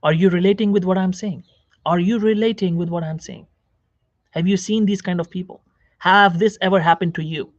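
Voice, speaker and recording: A man's voice: high voice, fairly even intonation, a little fast, dry recording, lo-fi sound. A man, a doctor, giving a seated self-help psychology talk, repeating phrases and asking the viewer questions. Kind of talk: direct-to-camera self-help lecture. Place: seated on a chair.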